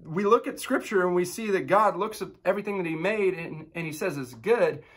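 A man's voice: sits high, a little fast, few pauses. A man in his thirties, a pastor giving a devotional sermon, telling a family story in a conversational, upbeat way before turning to scripture. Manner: storytelling with animated impressions of his kids.

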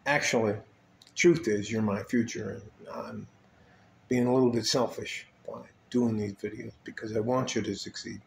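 A man's voice: lowish voice, lively intonation, moderate pace, gravelly. A man from West Texas in a casual, joking, rambling talk to camera, drifting off topic as he goes. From West Texas, USA. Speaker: vlogger. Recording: roomy echo with faint noise.

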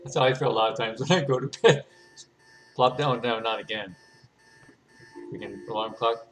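A man's voice: mid-range voice, fairly even intonation, moderate pace, a bit bright, slight background noise. Playful man narrating a game. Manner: playful, laughing, thinks aloud. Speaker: gaming channel host. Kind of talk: casual game commentary.

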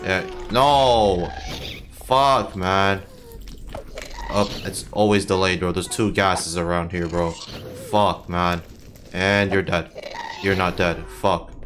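A young man with a lowish voice talks his way through a game in loose, frustrated commentary. He swears constantly and yelps sharply at every hit. Faint game sounds sit quietly under his voice. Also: takes it slowly, pauses often, slight background noise. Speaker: gaming channel host. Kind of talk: casual gameplay commentary.

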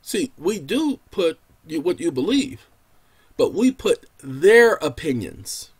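A man hosting his own channel gives legal advice as an impassioned, preacher-like lecture, speaking emphatically and repeatedly addressing "ladies and gentlemen." His fairly high, slightly rough voice is very animated and slow, swinging between hushed and loud.

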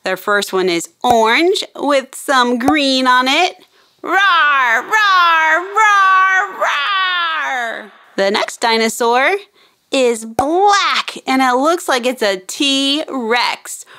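Brief: woman host for children, bright and crisp, unhurried sing-song narration. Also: sits high, expressive. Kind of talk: slow kid-directed narration.

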